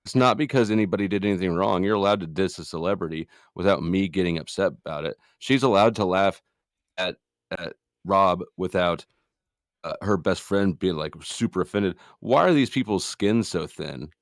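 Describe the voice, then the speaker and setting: A man's voice: low-pitched, normal speed, dry recording, clean studio sound. A middle-aged man arguing his views as a guest in a casual stream debate. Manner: argumentative, opinionated.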